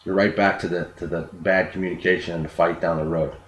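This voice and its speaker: Speaking quickly in a deep, level, slightly bright voice, this man delivers an off-the-cuff self-improvement talk. Earnest throughout, he keeps repeating words while explaining and performs the dialogue he quotes, all in an echoey room with a little noise.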